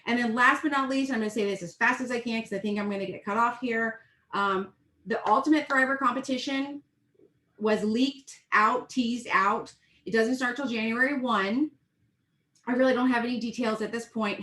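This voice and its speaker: A woman's voice: fairly high pitch, fairly bright tone, reverberant. A woman giving a rambling, chatty and encouraging talk as a sales team leader. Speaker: network marketing team leader. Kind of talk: casual live video pep talk.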